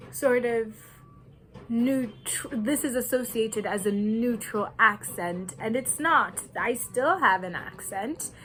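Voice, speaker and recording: A woman from Kenya giving an earnest, deliberate personal reflection, with nervous laughs now and then. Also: on the high side, fairly bright tone, poor audio. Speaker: vlogger.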